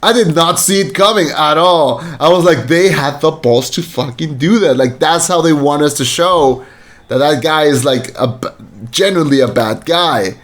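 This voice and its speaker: Animated, rambling male podcast host. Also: fairly high pitch, normal speed. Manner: rambling, many fillers and restarts, animated quoting. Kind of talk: casual film review chat.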